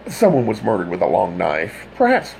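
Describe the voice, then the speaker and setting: A man's voice: low-pitched, wildly swooping pitch, normal speed, creaky, darkish tone, a little hiss or hum, full character voice, poor audio. A man playing a blunt, cold cop. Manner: blunt, controlled. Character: cold, insistent male police detective.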